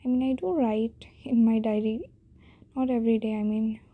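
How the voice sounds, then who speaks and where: A woman's voice: a little high, steady tone, normal speed, husky, no echo, narrow, tinny audio. A teenage girl with an Indian accent hosting her own podcast, talking shyly and self-deprecatingly, rambling with many restarts. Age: teens. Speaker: podcast host. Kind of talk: casual solo podcast monologue.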